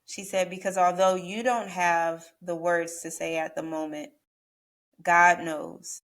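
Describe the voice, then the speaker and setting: A woman's voice: on the low side, level tone, takes it slowly, a bit bright. Reflective woman hosting a podcast. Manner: reflective, faith-minded, affirming. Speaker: podcast host. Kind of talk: podcast interview conversation.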